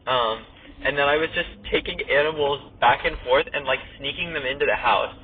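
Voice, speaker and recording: A man's voice: mid-range voice, fairly quick. Young guy rambling a story while he drives, says like a lot, tinny phone sound. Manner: rambling, heavy use of "like", laughs while telling. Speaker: podcast host. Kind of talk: casual storytelling chat. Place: in a car while driving. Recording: tinny phone-like audio with faint noise.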